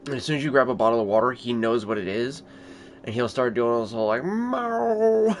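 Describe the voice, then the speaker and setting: A man's voice: mid-range voice, fairly even intonation, quick pace. A man streamer chatting casually at home, switching into baby talk with his cat and swearing freely. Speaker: console game streamer. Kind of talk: casual off-camera chat. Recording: noisy home background.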